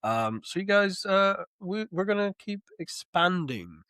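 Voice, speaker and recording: A man's voice: high-pitched, very animated, measured pace, bright, forceful tone, smooth, no room sound, studio quality. A man co-hosting a comic book podcast in casual chat, rambling, laughing often and swearing freely. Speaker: podcast co-host.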